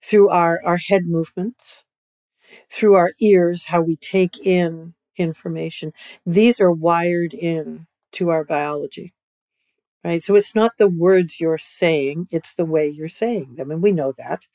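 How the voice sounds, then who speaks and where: A guest expert joins a podcast by video call and explains things at length in a conversational way, frequently asking "right?" and starting phrases over. She has a fairly low, dark voice and speaks slowly, and the recording is dry.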